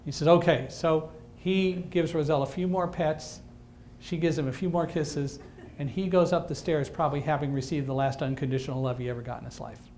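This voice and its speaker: Man, slightly high voice, guest speaker, lively storytelling, dry humor. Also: brisk, a little hiss or hum. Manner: lively storyteller who acts out quoted lines, dry humor. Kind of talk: storytelling talk to an audience.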